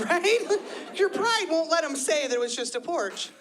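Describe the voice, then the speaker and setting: A woman's voice: very high voice, normal speed, noisy background. A woman in her thirties doing chatty, self-deprecating live stand-up comedy on a club stage. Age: 30s. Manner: chatty, self-deprecating, lively with quoted voices. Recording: live club audio with crowd laughter.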